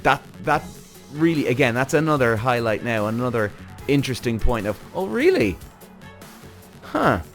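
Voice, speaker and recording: A man hosting a podcast, giving casual, rambling commentary on a TV series, animated and swearing often. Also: medium pitch. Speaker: podcast host.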